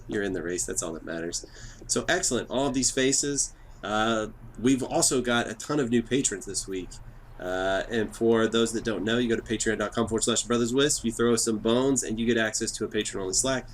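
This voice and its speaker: A man from Texas hosting a podcast, hyped up, fast-talking and joking. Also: lowish voice, a little hiss or hum. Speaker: podcast host. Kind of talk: casual chat.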